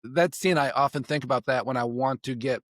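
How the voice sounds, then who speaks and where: A man's voice: medium pitch, fairly quick, fairly bright tone, no echo, studio quality. A man talking casually and reflectively as a podcast guest, rambling with restarts. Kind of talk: casual conversation.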